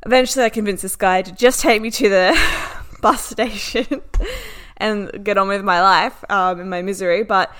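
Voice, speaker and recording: A young woman from Australia telling a personal story in a casual vlog, acting out the lines of the people in it. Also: mid-range voice. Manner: animated, acts out other people's lines. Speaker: vlogger.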